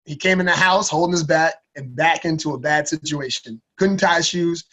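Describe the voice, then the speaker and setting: A man's voice: fairly high pitch, moderate pace, a bit bright. A man in his thirties, a podcast guest, telling a personal story in a casual, slangy way, often repeating his words as he goes.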